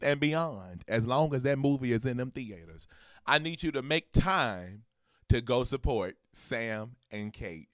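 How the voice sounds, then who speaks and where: Male podcast host, excitable, preacher-like pitch, bright and dry. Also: dry recording. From Georgia, US. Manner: exuberant, preacher-like calls to action. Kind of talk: excited announcement to listeners.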